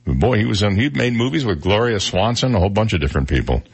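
Chatty male radio host, lowish voice. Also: big pitch swings, quick pace, creaky, husky. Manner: chatty, joking, reads quotes aloud. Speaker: radio talk show host. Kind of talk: casual radio talk, reading news stories.

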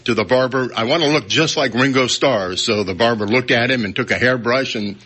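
A man's voice: medium pitch, fairly quick, pushed and bright, slightly rough. A man co-hosting a radio talk show, chiming in with short replies and an old joke. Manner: laughing sidekick, short agreeing replies. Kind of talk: casual radio chat.

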